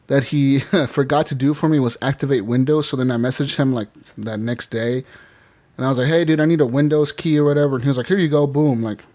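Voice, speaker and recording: A man with a mid-range, darkish voice hosts a podcast from a studio. He spins a long, meandering story in relaxed conversation and curses freely.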